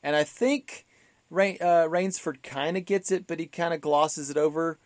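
A man's voice: on the high side, normal speed, no echo. A man co-hosting a podcast, talking casually about an old film with many fillers and restarts. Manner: chatty, many fillers and restarts, acts out quotes. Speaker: podcast co-host.

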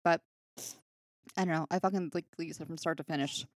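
A woman's voice: low-pitched, steady tone, fast, dry recording, studio quality. A woman co-hosting a casual podcast chat about a film, rambling with lots of fillers, swearing freely and laughing often. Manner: rambling with many fillers and restarts. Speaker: podcast co-host.

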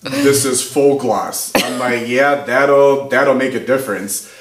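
A man talks unhurriedly at an ordinary middle pitch, a podcast guest spinning an anecdote in casual conversation. He tells it in an animated way and often breaks into laughter. The room around him rings a little, with a faint hiss underneath. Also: slow pace. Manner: animated, laughs through his stories. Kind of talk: casual storytelling chat. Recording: roomy with faint background noise.

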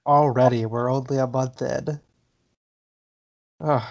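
Podcast co-host, casual chat, dry wisecracks, middle pitch. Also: steady tone, takes it slowly, vocal fry, a little mellow, muffled recording.

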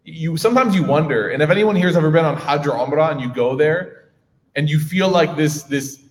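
A man's voice: on the high side, brisk. A man in his thirties giving a casual, slangy religious lecture, telling stories with quoted dialogue to a room of listeners. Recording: long hall reverb.

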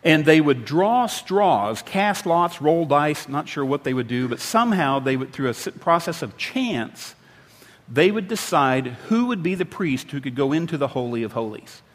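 A man preaching a sermon, retelling a scripture story in a lively way and acting out the quoted lines with sudden loud bursts. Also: a little high, moderate pace, in a large hall. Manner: lively storytelling, acts out quotes with big swings. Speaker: pastor.

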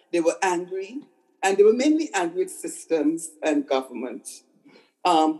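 A woman's voice: fairly low pitch, darkish tone, poor audio. An older woman, a psychotherapist, talking conversationally and repeating words for emphasis. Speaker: psychotherapist guest. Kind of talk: conversational storytelling.

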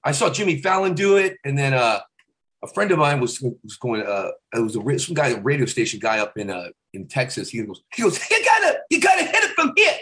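A man's voice: medium pitch, brisk. A male comedian and impressionist in a casual podcast chat, talking animatedly and dropping into celebrity impressions as he goes. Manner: animated, slips in and out of celebrity voices. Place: podcast studio.

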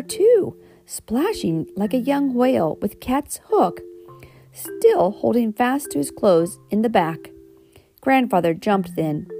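A woman's voice: mid-range voice, warm tone. A woman reading a children's storybook aloud, with homely asides and self-corrections. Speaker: reader.

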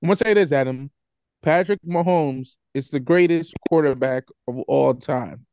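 A man's voice: fairly high pitch, moderate pace, clean tone, no room sound. A man co-hosting a sports podcast, insistent in casual debate, cutting in and pressing his point. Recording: dry, dull lo-fi audio.

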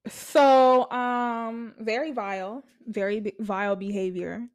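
A woman's voice: a little high, steady tone, takes it slowly, clean tone. Blunt, chatty woman gossiping. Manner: chatty, blunt, profane, lots of filler words. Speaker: commentator on celebrity gossip. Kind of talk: casual gossip commentary. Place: apartment.

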